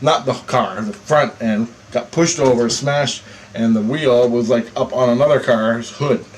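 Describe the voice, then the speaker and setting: A man telling a personal story in a casual monologue, animated and profane, chuckling between lines. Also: mid-range voice, unhurried, a little hiss or hum, rough recording. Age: adult.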